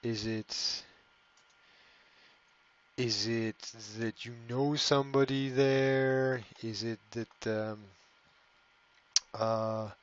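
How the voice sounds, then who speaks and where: A man's voice: mid-range voice, steady tone, very slow, pauses often, smooth, muffled recording. A man hosting a casual live stream, rambling, often repeating words and reading out viewer comments. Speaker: language school host answering live chat.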